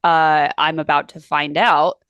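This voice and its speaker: A woman's voice: low-pitched, level tone, unhurried, fairly bright tone, clean tone, no echo, lo-fi sound. A woman podcast co-host in casual chat, playful and crude, mocking herself and laughing through her stories.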